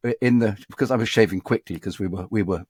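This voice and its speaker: An older man, a voice actor, telling lively anecdotes in an interview, acting out voices and directors as he goes. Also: lowish voice, quick pace, husky, no room sound, studio quality. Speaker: voice actor guest. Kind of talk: storytelling interview chat.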